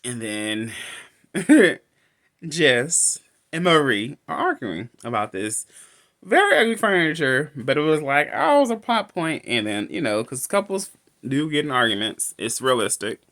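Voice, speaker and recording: A movie reviewer casually recaps a film, rambling, restarting his sentences often, and laughing between lines. He has a mid-range, slightly bright voice with big pitch swings and a measured pace.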